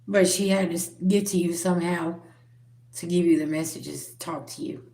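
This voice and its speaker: A woman's voice: lowish voice, steady tone, normal speed, mellow. A woman giving a spiritual reading straight to the viewer, earnest and direct. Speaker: spiritual reader. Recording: roomy echo.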